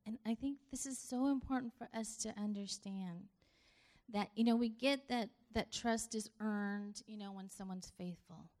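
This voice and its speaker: Earnest woman preaching conversationally. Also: medium pitch. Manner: conversational, earnest, swings between hushed and emphatic. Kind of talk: sermon.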